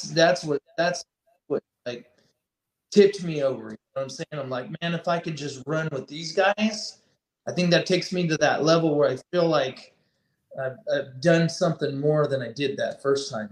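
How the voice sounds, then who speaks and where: Dude guest on a chat show, slightly high voice, easygoing storytelling, roomy echo. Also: male voice. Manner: laid-back storytelling, swears freely. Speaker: racer guest. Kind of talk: casual podcast chat. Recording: echoey room.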